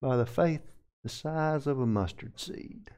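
A man with a Southern American accent gives a methodical Bible lesson from the pulpit, working through Greek grammar one term at a time. His voice is smooth and resonant, at an ordinary pitch for a man. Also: measured pace, darkish tone. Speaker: pastor. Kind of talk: verse-by-verse Bible teaching.

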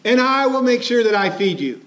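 A man's voice: very high voice, sing-song, a little fast, a bit bright, highs cut off, pitched above the performer's own voice, heavily acted. A man voicing God as a reassuring father who promises care, quoted in a sermon.

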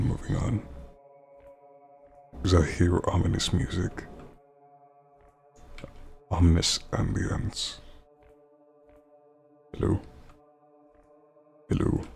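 Low, gravelly joking gamer man. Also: darkish tone. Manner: joking, wry, muttering asides. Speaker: gamer playing a horror game. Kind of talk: let's play commentary.

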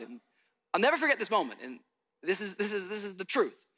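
A man's voice: high-pitched, big pitch swings, quick pace, bright, forceful tone. A young adult man from Miami preaching a sermon, telling a story with animation and acting out the dialogue. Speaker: pastor.

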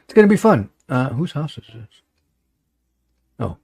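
Gravelly man hosting a casual live show. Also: medium pitch, sing-song, moderate pace, a little mellow, no room sound, studio quality. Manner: rambling, joking, many fillers. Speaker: show host. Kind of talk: casual livestream chat.

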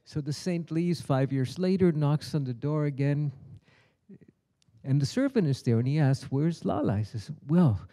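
Bright, tense-voiced man telling a spiritual parable. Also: on the high side, lively intonation, moderate pace. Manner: storytelling, acts out the characters' lines. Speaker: keynote speaker. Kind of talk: spiritual teaching talk. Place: conference hall.

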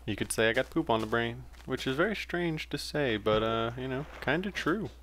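A man's voice: medium pitch, animated, moderate pace, fairly bright tone, slight background noise. A young man giving casual, rambling commentary while playing a game, with frequent fillers and self-corrections. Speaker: let's play gamer.

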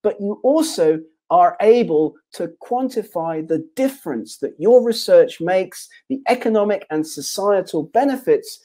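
A man presents a webinar to researchers over a desk mic, with a mellow, warm tone. He builds his points in repeated runs of phrases, restating each idea a few ways. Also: high-pitched, animated, a little slow, hardly any pauses.

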